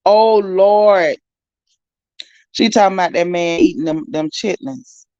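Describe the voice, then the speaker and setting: Female livestream host, gravelly and chatty, reading viewer comments. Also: fairly low pitch, a little fast, no room sound, highs cut off. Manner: chatty, animated, talks straight to viewers. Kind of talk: casual livestream chat.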